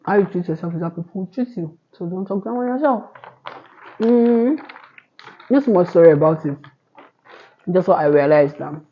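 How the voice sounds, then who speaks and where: A woman's voice: fairly low pitch, expressive, normal speed, pauses often, highs cut off. A young woman in her twenties giving earnest motivational advice to camera, rambling with restarts. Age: 20s. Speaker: vlogger. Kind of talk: casual motivational talk to camera.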